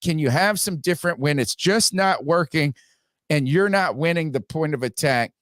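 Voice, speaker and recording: A man's voice: a little high, animated, moderate pace, fairly bright tone, no room sound. A man hosting a casual sports podcast, reading out viewer donations and giving blunt opinions with frequent restarts. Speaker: podcast host.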